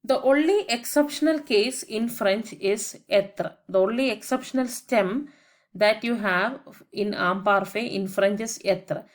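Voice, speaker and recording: A woman's voice: mid-range voice, a little slow. A woman French teacher giving a methodical grammar lesson voice-over, spelling words out letter by letter and adding English translations. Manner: explains each point with English translations.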